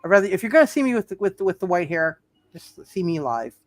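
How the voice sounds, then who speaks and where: A man with a high voice co-hosting a relaxed live stream chat. He stammers and doubles back on his words while agreeing with the others. The sound is dry and close. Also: quick pace, no echo.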